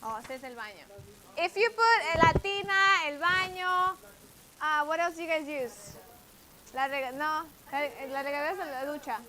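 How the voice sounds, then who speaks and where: A woman's voice: high voice, lively intonation, normal speed, bright, forceful tone, slight background noise. A woman teaching a classroom vocabulary lesson, patiently drilling words and correcting pronunciation. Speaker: Spanish teacher.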